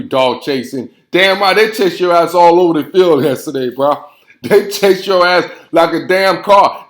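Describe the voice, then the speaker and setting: A man's voice: fairly high pitch, echoey room. A man hosting a football show, ranting in a heated, preachy way and repeating himself. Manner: fired-up, preachy, repeats phrases and says "man" constantly. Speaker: sports show host.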